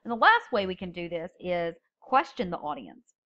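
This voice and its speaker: A woman's voice: lowish voice, sing-song, normal speed, pushed and bright, lo-fi sound. A woman teaching a public speaking class, explaining techniques and reading example openers aloud with strong emphasis on key words. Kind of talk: recorded classroom lecture.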